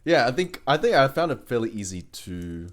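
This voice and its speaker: A man's voice: medium pitch, very animated, normal speed. A man co-hosting a tabletop game podcast, recapping the session in a laid-back way with lots of fillers. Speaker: player, co-host. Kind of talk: casual podcast chat.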